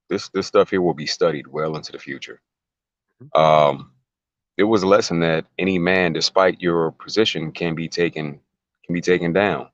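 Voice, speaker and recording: A man's voice: low-pitched, dry recording, dull audio. A man talking as an interview guest, emphatic and casual, repeating words and firing rhetorical questions. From United States.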